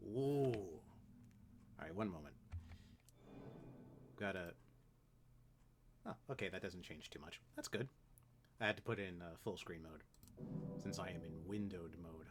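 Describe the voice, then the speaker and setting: A man's voice: low-pitched, takes it slowly, vocal fry, pauses often, slight background noise. A young man streaming a horror game, chatting casually in a rambling, jokey, self-deprecating way. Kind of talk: casual let's play commentary.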